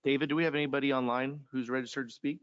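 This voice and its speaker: A man's voice: mid-range voice, steady tone, very fast, clean tone. Man, meeting chairman, brief, polite, muffled lo-fi audio. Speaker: commission chairman.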